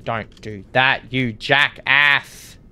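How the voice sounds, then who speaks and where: Slow-talking sarcastic man gaming. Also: mid-range voice, steady tone, clear, resonant tone. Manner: sarcastic, swearing, yells at game characters. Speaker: gaming YouTuber. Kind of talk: casual gameplay commentary.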